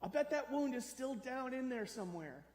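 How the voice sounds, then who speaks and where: At normal speed and in an animated way, a male pastor with an extremely high, darkish voice gives his sermon. He keeps it conversational and asks the audience questions, and the church hall echoes around him.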